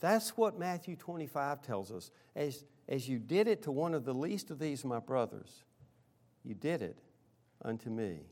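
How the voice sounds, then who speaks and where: A middle-aged man preaching a sermon in a middle-pitched voice. He speaks earnestly, lifting his voice to stress key lines and dropping quiet for stories and asides. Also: sing-song, a little slow. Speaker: pastor.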